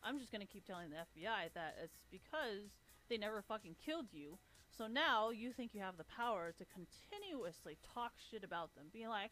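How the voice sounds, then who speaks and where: A woman's voice: medium pitch, lively intonation, moderate pace, sharp tone. A woman on a livestream ranting with a profane, taunting, sarcastic manner. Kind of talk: livestream rant.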